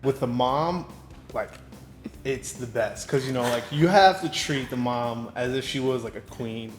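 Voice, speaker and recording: A man's voice: medium pitch, unhurried, echoey room, faint music behind. A young man chatting casually as a guest, full of fillers. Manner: laid-back, filler-heavy talk. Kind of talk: casual chat.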